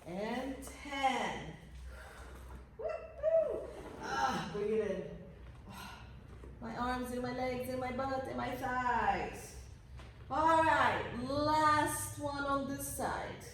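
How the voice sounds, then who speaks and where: A woman's voice: high-pitched, slow, fairly bright tone, slight background noise. A woman leading a pilates class, coaching energetically and counting reps, at times out of breath. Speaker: pilates instructor. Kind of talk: guiding a workout class. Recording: roomy echo from a distance.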